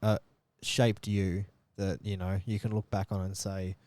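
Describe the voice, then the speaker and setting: A young man interviewing a friend in casual chat, talking haltingly with restarts. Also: low voice, flat delivery, darkish tone. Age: young adult. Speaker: podcast interviewer.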